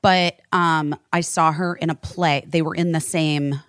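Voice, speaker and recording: A woman's voice: low-pitched, steady tone, unhurried, no room sound, clean studio sound. A woman co-hosting a podcast, talking earnestly and candidly in casual chat, swearing now and then. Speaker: podcast co-host.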